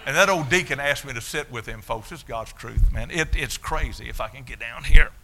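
A man's voice: medium pitch, a little fast. Folksy preacher, older man. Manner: folksy, animated storytelling with quoted voices. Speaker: preacher giving testimony. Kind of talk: sermon testimony.

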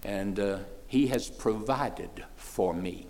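Here a sixty-something pastor gives a slow sermon in church, speaking plainly with a folksy touch. His volume builds loudly in praise and then falls away to something quiet and low.

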